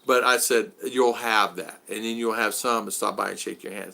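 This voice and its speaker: Bright-voiced man telling stories. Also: fairly low pitch, steady tone, normal speed, gravelly. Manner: storytelling, acts out dialogue; reads and answers live chat. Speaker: vlogger. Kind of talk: casual chat.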